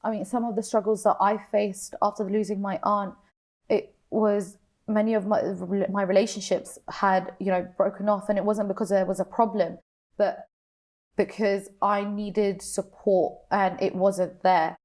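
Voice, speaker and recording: A young woman on a panel, sharing a personal story of grief in a halting, emotional way with many restarts. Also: medium pitch, little pitch movement, darkish tone. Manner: emotional, halting, repeats herself. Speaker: panel guest.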